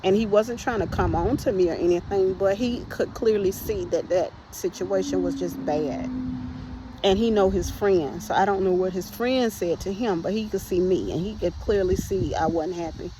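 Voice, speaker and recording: A woman's voice: mid-range voice, moderate pace, noisy background. Woman telling a personal testimony. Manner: conversational, addresses listeners as "y'all", frequent restarts. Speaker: podcast host sharing her testimony.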